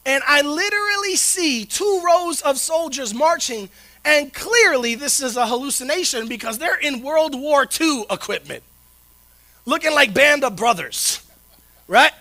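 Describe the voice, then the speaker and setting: A man preaching a sermon in a conversational, animated storytelling way, checking in with the listeners by asking "right?". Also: very high-pitched, measured pace. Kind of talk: sermon with personal stories.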